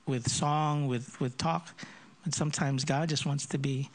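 A man's voice: on the high side, steady tone, unhurried, background noise. Filipino man preaching with an American lilt. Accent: Filipino with American influence. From Philippines. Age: 50s. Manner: self-deprecating jokes, repeats words when starting. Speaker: associate pastor. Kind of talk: sermon with prayer and humorous introduction.

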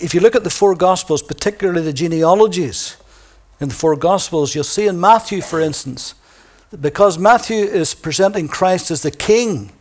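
A man with a fairly high voice preaches a sermon in a church. He is emphatic and drags out the words he wants to land, and he drops soft and quiet when he reads scripture aloud. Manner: emphatic, slows down to stress key words.

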